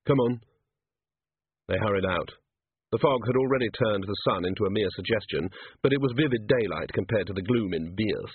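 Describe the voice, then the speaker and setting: A man narrating a story in a lively storytelling manner. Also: on the low side, brisk, breathy edge, no room sound. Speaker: audiobook narrator. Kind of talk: scripted narration. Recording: tinny phone-like dry recording.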